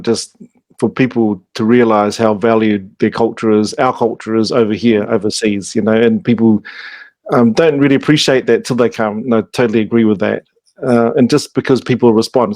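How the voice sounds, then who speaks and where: Needs: a calm, reflective New male host, dry studio sound. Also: medium pitch, fairly quick, no echo. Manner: calm, reflective, many short agreements. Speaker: podcast host. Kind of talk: casual conversation.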